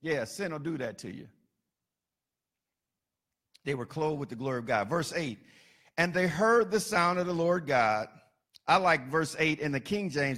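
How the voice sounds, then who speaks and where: A man's voice: a little high, lively intonation, unhurried, pauses often, a bit bright. A man preaching a sermon, building emphasis through repetition and dropping into casual asides. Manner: colloquial asides.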